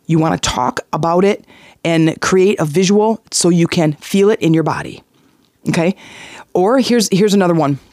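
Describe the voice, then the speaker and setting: A high-pitched man speaks at a normal pace in a dry, studio-quality recording. He hosts a motivational podcast as a life coach, talking earnestly and repeating key phrases for emphasis, and he tells stories with animation, acting out the voices.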